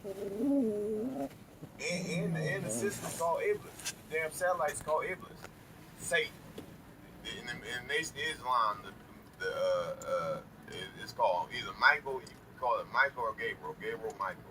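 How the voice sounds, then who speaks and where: A man's voice: medium pitch, expressive, moderate pace, pushed and bright, distant mic, a little hiss or hum, low-quality recording. A man rambling and stammering about voices and religion, talking in a repetitive way. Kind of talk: rambling street talk.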